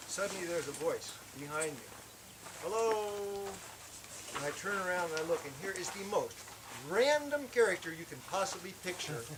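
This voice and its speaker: High-voiced man telling a testimony. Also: moderate pace, background noise. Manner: animated, acts out shouted quotes. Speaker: camp worship speaker. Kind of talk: personal testimony storytelling.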